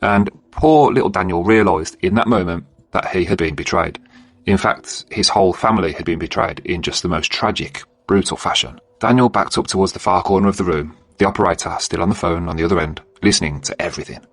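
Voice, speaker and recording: A man's voice: deep voice, brisk, slightly rough. A man narrating a true crime story bluntly, swearing and adding indignant asides.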